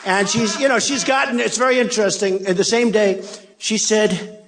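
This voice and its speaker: At a moderate pace, an older political candidate with a high voice gives a rally speech in a large arena, the crowd audible as background noise and faint ambience. He brags, repeats himself and makes mocking asides.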